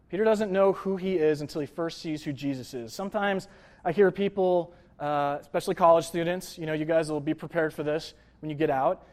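A man's voice: a little high, brisk, a little mellow. Casual, joking young preacher man. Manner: conversational, jokey, lots of fillers like "like" and "uh". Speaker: pastor. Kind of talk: casual sermon.

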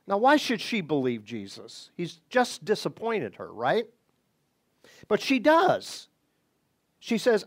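A man with a notably high voice walks listeners through a Bible passage. He takes his time, speaking in a measured, deliberate way, then leans hard into key words. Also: big pitch swings. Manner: deliberate, with bursts of emphasis. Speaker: Bible teacher.

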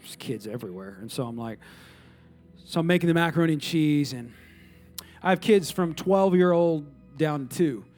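A male pastor in his thirties preaching a sermon in a somewhat high voice. He is emphatic and repeats key lines. He often turns to the audience with questions. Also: expressive, moderate pace, a little mellow, faint music behind.

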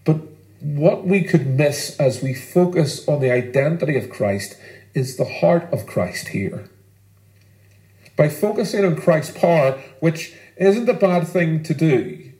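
Pastor preaching, earnest and emphatic, kinda high voice, roomy echo. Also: male voice, warm tone. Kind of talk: sermon.

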